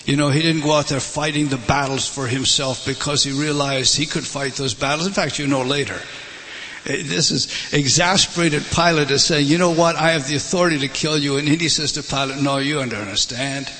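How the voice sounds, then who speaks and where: A man preaching a sermon, impassioned, swelling to loud emphasis and dropping low again. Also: fairly even intonation, fairly quick, a little hiss or hum. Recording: large hall reverb, faint ambience.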